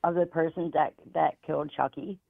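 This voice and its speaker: Speaking briskly in a low, slightly rough voice with vocal fry, a middle-aged mother who has lost a child calls into an interview. Her tone stays steady, earnest and resolute as she talks emotionally. The audio is a dry, tinny phone line without echo.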